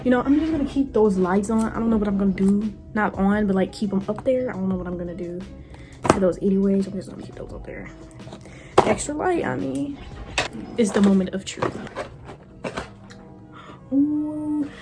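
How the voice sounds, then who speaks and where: A woman vlogging casually from her room, excitable and gushing as she talks to her viewers. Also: mid-range voice, brisk, loud music behind the voice. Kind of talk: casual vlog chat.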